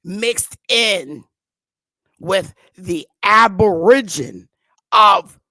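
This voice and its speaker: A woman's voice: mid-range voice, lively intonation, measured pace, no echo. Emphatic New York woman, dry and close. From northern United States. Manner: emphatic, repetitive, profane. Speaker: commentary host. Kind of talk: casual opinion monologue.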